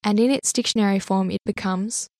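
A woman's voice: medium pitch, steady tone, brisk, a little mellow, no room sound, studio quality. A woman hosting a language lesson podcast, explaining grammar in a friendly way and asking her co-teacher questions.

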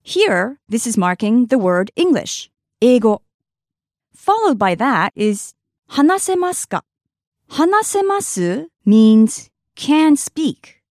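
A woman teaching a scripted language lesson, speaking clearly and carefully, slowing down to sound out words for practice. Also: fairly high pitch, big pitch swings, darkish tone, no room sound, studio quality.

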